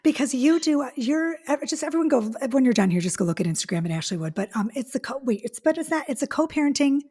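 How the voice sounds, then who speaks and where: A woman hosting a podcast, chatting in a gushing, excitable way with lots of restarts. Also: high-pitched, fast. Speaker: podcast host. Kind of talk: casual podcast chat.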